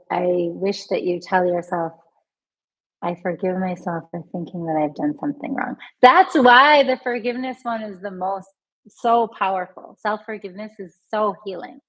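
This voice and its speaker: A woman teaching a live online healing lesson. She talks straight to her viewers, answers their comments, and repeats soothing healing phrases slowly and gently. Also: on the low side, low-quality recording. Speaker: emotional healing coach.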